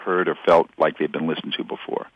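A man's voice: extremely low pitch, flat delivery, fairly quick, husky, no room sound, lo-fi sound. A man speaking as a guest expert in a conversational interview, explaining ideas with animation and acting out example exchanges.

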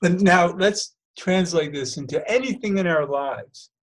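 A man's voice: high voice, unhurried. Man co-host chiming in. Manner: brief affirming interjections and questions. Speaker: co-host asking questions.

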